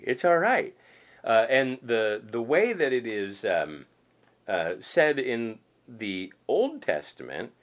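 A male pastor delivers a conversational sermon, his pitch rising and falling in a lively, animated way. He is emphatic and folksy, circling back to repeat his points between casual asides.

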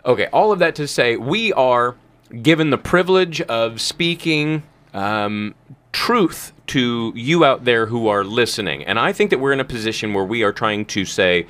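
A man's voice: medium pitch, lively intonation, moderate pace, a bit bright. A man hosting a Bible talk show, explaining scripture emphatically and speaking to listeners like a preacher. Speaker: podcast host. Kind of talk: casual Bible teaching.

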